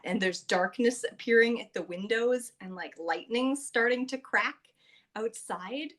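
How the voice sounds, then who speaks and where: Her voice a little high and a bit bright, this podcast host speaks expressively at a moderate pace. She recaps a tabletop game session in a chatty, casual way, full of fillers and frequently acted-out quotes.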